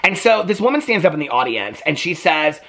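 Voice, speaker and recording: A man's voice: a little high, sing-song, fairly quick, vocal fry, pushed and bright. A man giving casual reaction commentary on his vlog, chatty, often asking "okay?" and acting out quotes in put-on voices. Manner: acts out quotes in changed voices. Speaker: reaction vlogger.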